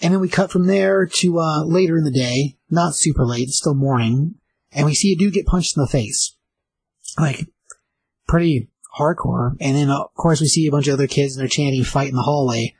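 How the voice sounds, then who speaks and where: A man casually recapping a comic book page by page, rambling with lots of fillers and slipping into quick voices for the characters. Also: a little high, darkish tone, breathy edge, poor audio.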